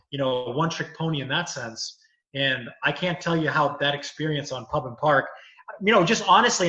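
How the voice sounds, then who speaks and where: Bright-voiced man rambling through stories. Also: a little high, echoey room, highs cut off. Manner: rambling storytelling, many "you know"s. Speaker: comedian and lawyer. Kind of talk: casual chat.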